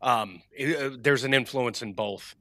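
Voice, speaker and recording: A man's voice: medium pitch, a little slow, bright, forceful tone, no room sound, studio quality. A man co-hosting a podcast, scornful and sweary in casual banter. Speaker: podcast co-host.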